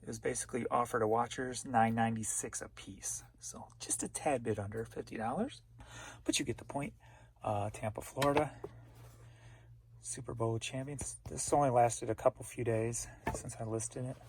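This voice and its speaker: Against a noisy background, a man with a mid-range, fairly even voice walks through his online sales at a moderate pace. In this laid-back rundown he names each item and where it's going, chuckling occasionally.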